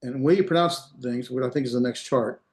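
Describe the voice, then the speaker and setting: A man's voice: medium pitch, fast talker, echoey room. A man teaching an online language class, explaining patiently step by step and repeating words so students can hear them. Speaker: Hebrew instructor. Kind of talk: online lecture. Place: room, on a video call. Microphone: video call.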